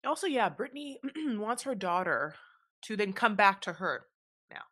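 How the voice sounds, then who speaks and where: A woman co-hosting a podcast, recapping a reality show in casual chat, animated and blunt, with lots of fillers and swearing. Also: medium pitch, moderate pace, no echo, clean studio sound. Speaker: podcast co-host.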